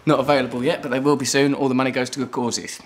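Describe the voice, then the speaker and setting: A man's voice: mid-range voice, flat delivery, fast talker, slight background noise. A middle-aged man, hosting a casual commentary show, reading out viewer comments and riffing on them playfully, slipping into comic voices and swearing. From England. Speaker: host.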